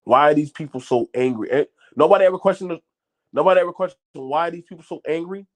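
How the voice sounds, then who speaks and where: Speaking fast in a slightly high voice, a middle-aged man talks straight to the viewers of his own channel in unscripted commentary. He swears bluntly and keeps repeating words and restarting lines.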